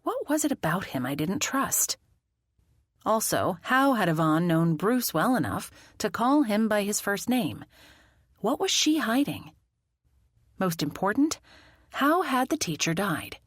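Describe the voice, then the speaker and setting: A woman narrating a mystery audiobook in the first person, with expressive, lively storytelling. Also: medium pitch, a little slow, breathy edge, no room sound, studio quality.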